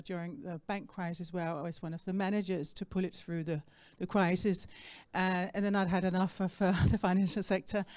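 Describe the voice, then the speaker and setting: A woman introducing herself as a mentor and business investor on a conference panel, composed and steady with occasional fillers. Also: fairly low pitch, dry recording. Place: stage at a fintech demo day event.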